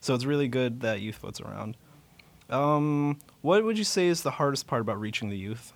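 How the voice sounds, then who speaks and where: A man's voice: medium pitch, animated, moderate pace, gravelly. Easygoing male radio host. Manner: easygoing, chatty, with filler words. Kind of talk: casual radio interview. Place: radio studio.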